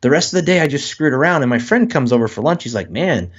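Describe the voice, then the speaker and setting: A man's voice: on the high side, fast talker, highs cut off. A man, a guest author, speaking in a casual interview and acting out quoted voices as he talks. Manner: animated, acts out quoted voices.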